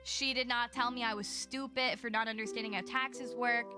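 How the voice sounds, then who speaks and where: High-pitched young woman streamer, chatty and effusive, laughing often, music playing under her. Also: steady tone, moderate pace. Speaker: livestreamer. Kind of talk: casual livestream chat. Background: music playing behind.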